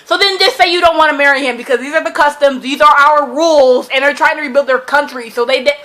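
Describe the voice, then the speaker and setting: A woman reacting to a book in a casual vlog, her voice high and bright. She is chatty and excitable and leans on "like" constantly. Her tone stays sharp and lively throughout. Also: fast. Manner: excitable and chatty, heavy use of "like". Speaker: book vlogger.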